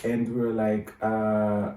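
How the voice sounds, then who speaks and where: A young man telling a high school story casually, restarting and correcting himself as he goes. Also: completely flat delivery, slow pace, mellow. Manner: rambling, self-correcting storytelling. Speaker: vlogger. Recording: roomy echo, mic at a distance.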